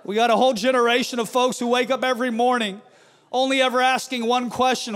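A male pastor delivering a fiery sermon with forceful, shouted refrains. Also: very high-pitched, level tone, fast.

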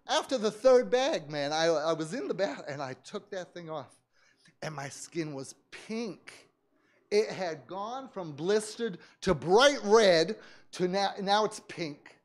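A pastor preaching to his congregation with a high voice that leaps all over the place. He tells his story animatedly, sinking to quiet asides, then bursting into shouts, with frequent laughter. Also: very animated, slow pace, pauses often. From United States. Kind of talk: sermon storytelling. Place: church service.

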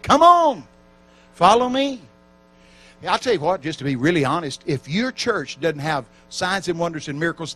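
A man preaching at a church camp meeting, telling stories with lively acted-out voices and shouting for emphasis. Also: on the high side. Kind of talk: storytelling sermon.

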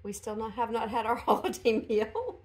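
A woman's voice: fairly high pitch, lively intonation, moderate pace, a little mellow. Chatty woman vlogger, slightly under the weather. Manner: chatty, hesitant, frequent small laughs. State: recovering from illness. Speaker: vlogger unboxing a swap gift. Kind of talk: casual chat.

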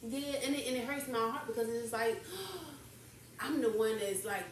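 A woman's voice: on the high side, normal speed. A woman hosting a casual talk show, speaking candidly and emotionally in loose, slangy, rambling chat. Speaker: podcast host. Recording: echoey room from a distance, faint noise.

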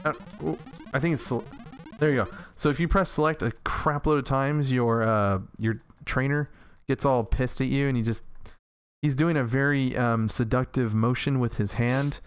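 Low-voiced joking woman gamer. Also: moderate pace, clean tone. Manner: joking, swears freely, playful. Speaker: gamer co-hosting a let's play. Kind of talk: casual gameplay commentary. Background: game music.

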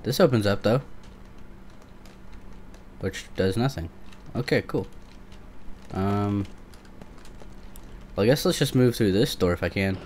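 A man's voice: on the low side, slow pace, long pauses, a little mellow, a little hiss or hum. A young man giving nervous, swearing commentary while playing a creepy shooter game, often talking back to the monsters. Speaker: gameplay commentator. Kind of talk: let's play commentary.

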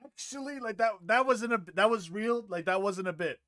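A young man streams reaction commentary on clips, his high-pitched, fairly bright voice moving at a moderate pace. He's profane and incredulous, laughing in disbelief as he rants.

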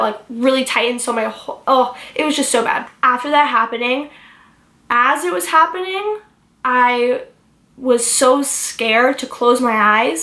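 A young woman vlogger recounts a personal story to her viewers, rushing and emotional with a stream of filler words. Her voice sits a touch high, and it is recorded in an echoey room. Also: bright, forceful tone. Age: young adult. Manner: emotional, rushed retelling full of "like" fillers.

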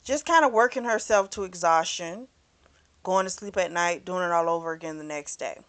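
A woman hosting a book club channel, chatting through a novel's plot casually and acting out the characters' lines as she goes. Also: mid-range voice. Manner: swears freely.

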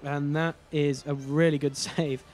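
A man with a somewhat high voice talks through his hockey game in a casual let's-play style. He keeps exclaiming in exasperation at the plays, and faint music runs underneath. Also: level tone, a little slow, a little mellow. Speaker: gaming YouTuber.

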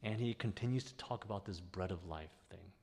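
A man preaching a sermon as pastor, in a conversational, animated way. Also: low-pitched, fairly quick, creaky, husky, in a large hall. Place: church sanctuary.

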